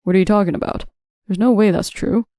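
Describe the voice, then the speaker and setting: A woman reads out a weak young husband who shouts his protests and begs for forgiveness. The voice is dark and mellow, set in a dry room with no echo. It is a storybook reading of a family drama. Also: mid-range voice, quick pace, close to an everyday voice. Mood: indignant. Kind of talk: audiobook narration.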